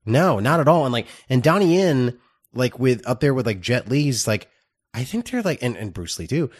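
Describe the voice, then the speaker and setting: Rambling man with a lively voice. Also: medium pitch, breathy edge. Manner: rambling, halting, many fillers. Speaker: podcast co-host. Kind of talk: casual film review chat.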